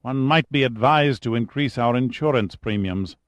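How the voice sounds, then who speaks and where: A man's voice: mid-range voice, normal speed, no room sound, natural voice. A man voicing a formal, resolute British officer in a clipped, proper manner. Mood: wry.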